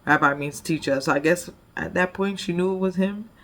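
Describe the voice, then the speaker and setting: A woman's voice: lowish voice, a little fast, a bit bright. A woman leading a devotion, retelling a Bible story conversationally with frequent "like" and "you know". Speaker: devotion leader.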